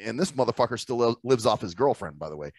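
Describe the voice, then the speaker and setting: A man's voice: medium pitch, lively intonation, quick pace, darkish tone, breathy edge, dry recording. A man hosting a podcast in casual chat, telling stories in a laid-back, profane way. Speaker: podcast host and rapper.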